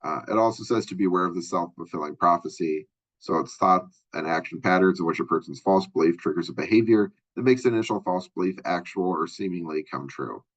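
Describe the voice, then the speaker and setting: Deep-voiced fast-talking male instructor. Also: breathy edge, muffled recording. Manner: conversational, many fillers and asides. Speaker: college instructor. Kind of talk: recorded lecture.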